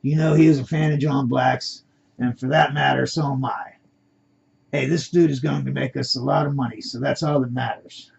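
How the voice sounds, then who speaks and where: A matter-of-fact male kidnapper, read by a man in an amateur audio story. His voice is gravelly and a bit husky. The sound is dull and lo-fi. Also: mid-range voice, steady tone, moderate pace, heavily acted. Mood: confident. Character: confident male kidnapper driving a car. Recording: dull lo-fi recording.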